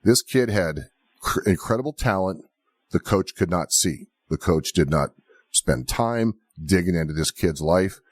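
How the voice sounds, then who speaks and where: Podcast host, man, very low voice with lively swings, dry close sound. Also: measured pace, no echo. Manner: storytelling, animated, questioning. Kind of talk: conversational podcast interview.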